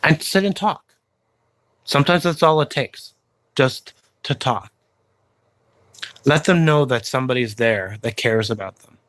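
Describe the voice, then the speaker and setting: Slow, earnest man talking to viewers. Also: medium pitch, a bit bright. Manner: slow, halting delivery with pauses and fillers; encouraging, plain-spoken. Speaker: YouTube vlogger.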